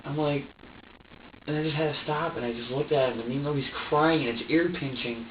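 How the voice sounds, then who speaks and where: A man under police questioning who recounts events haltingly, repeating himself and swearing. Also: fairly high pitch, fairly even intonation, a little hiss or hum. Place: police interrogation room. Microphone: distant room camera mic. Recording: dull, echoey room audio from far off.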